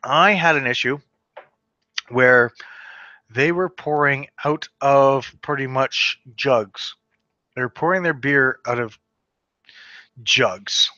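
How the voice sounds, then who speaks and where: A man's voice: medium pitch, takes it slowly, pauses often, pushed and bright, no room sound, lo-fi sound. A man from Western Canada hosting a casual solo podcast, reading out a list and stumbling over names with offhand asides. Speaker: podcast host.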